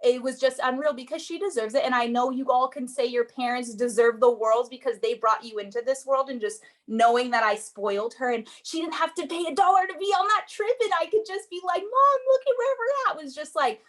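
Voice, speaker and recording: A woman's voice: sits high, brisk, hardly any pauses. Earnest young woman rambling with fillers. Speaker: network marketing seller. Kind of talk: motivational group call.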